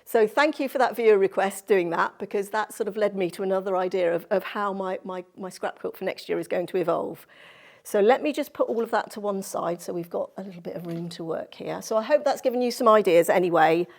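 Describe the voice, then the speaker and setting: A woman's voice: mid-range voice, fairly quick, gravelly. A woman presenting a quilting tutorial in a sewing studio, chatty and effusive as she gushes over fabrics. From Cornwall, England. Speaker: sewing instructor.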